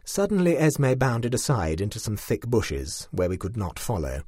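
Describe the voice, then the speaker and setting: A man reading a short story aloud in a dry, wry, expressive manner. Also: medium pitch, normal speed, slightly rough, no room sound.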